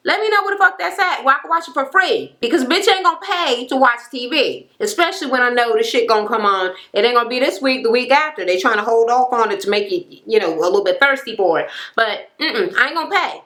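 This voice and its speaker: A woman's voice: on the high side, animated, quick pace, fairly bright tone. Blunt, profane woman vlogger. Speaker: reality TV recap vlogger. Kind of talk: casual profane recap. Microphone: camera mic.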